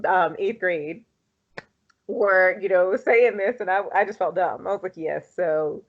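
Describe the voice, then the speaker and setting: A woman's voice: lowish voice, unhurried, lo-fi sound. A woman in her thirties co-hosting a podcast, telling a personal story in casual chat, laughing often and acting out what people said. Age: 30s. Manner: animated storytelling, laughs often, acts out quotes. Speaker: podcast co-host.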